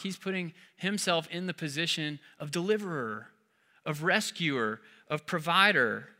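A man's voice: fairly high pitch, normal speed, sharp tone. A man, a pastor, preaching an emphatic sermon full of rhetorical questions.

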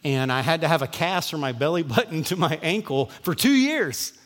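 A man voicing an overeager stranger who chatters about his own old injury, high and excited. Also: moderate pace. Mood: eager, chatty. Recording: long church-hall reverb.

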